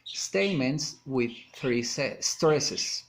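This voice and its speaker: Man slowly reading intonation drills. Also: animated, gravelly. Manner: slow, deliberate, exaggerated rising and falling pitch. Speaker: student. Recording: phone recording with faint background noise.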